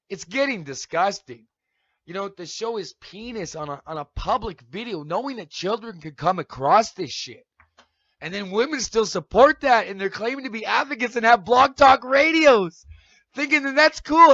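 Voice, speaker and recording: High-pitched, tense, ranting man. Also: bright, forceful tone, no echo. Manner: heated, accusatory, repeats "okay?". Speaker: live-stream vlogger. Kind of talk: angry profane rant. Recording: dull lo-fi live-stream audio.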